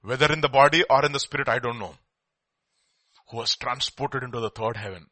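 A man preaching a sermon, swinging between quiet asides and loud emphatic lines, acting out the people in his stories. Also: mid-range voice, fairly quick, no room sound. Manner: animated preaching, acts out quoted dialogue, swings from quiet to loud. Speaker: pastor.

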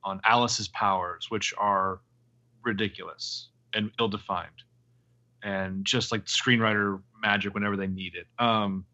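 A man co-hosting a podcast, chatting about a movie in halting stops and starts. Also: on the low side, fairly even intonation, pushed and bright. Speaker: podcast co-host. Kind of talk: casual movie review chat. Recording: slightly dull lo-fi audio.

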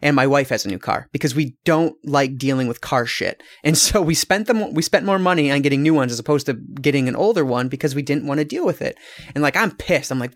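Fairly quick and medium in pitch, the Michigan podcast co-host spins out a lengthy, casual story. He swears freely, rambles, and keeps restarting sentences.

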